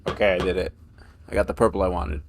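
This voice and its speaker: A man's voice: deep voice, flat delivery, fast, creaky, noisy background. A man streaming a game live, chatting playfully and laughing as he stumbles over tongue twisters. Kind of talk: live gameplay commentary.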